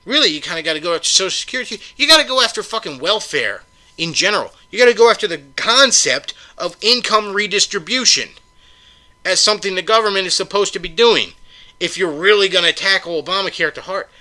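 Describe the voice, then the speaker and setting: A man's voice: high voice, lively intonation, fast, sharp tone. A man hosting a podcast in a heated solo rant, swearing often and firing off sarcastic rhetorical questions. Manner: profane, sarcastic, heated ranting. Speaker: podcast host.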